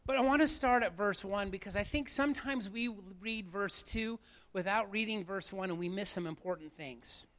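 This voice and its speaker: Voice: medium pitch, moderate pace, fairly bright tone. A pastor preaching a live sermon to a church congregation, emphatic and fond of repeating key phrases.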